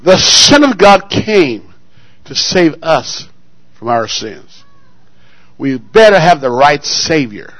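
A married man preaching a sermon, firing call-and-response questions at the congregation and swinging between loud exclamations and quiet asides. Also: fairly high pitch, sing-song, takes it slowly, long pauses, no echo, low-quality recording. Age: adult, married.

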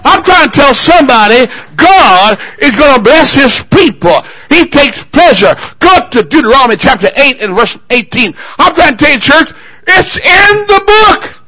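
A man preaching a sermon as pastor, shouting lines out to the church and calling for responses, then dropping to low, quiet asides. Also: big pitch swings, moderate pace, low-quality recording.

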